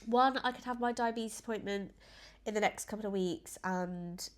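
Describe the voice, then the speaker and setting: A woman's voice: medium pitch, moderate pace, smooth. A woman vlogging in a casual, rambling, earnest chat to camera, emotional and close to tears at times.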